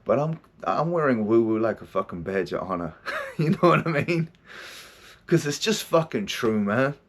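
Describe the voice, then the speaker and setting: A man's voice: mid-range voice, expressive, moderate pace. A middle-aged man from New Zealand, a counselor hosting his own podcast, talking in a raw, emotional, heavily swearing way. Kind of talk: confessional solo podcast talk.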